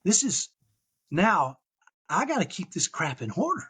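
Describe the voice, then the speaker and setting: A man's voice: high-pitched, big pitch swings, measured pace, sharp tone, husky. A man in his fifties, a podcast guest, telling his story in an earnest, conversational way and checking in with "right?". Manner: earnest, tags points with "right?".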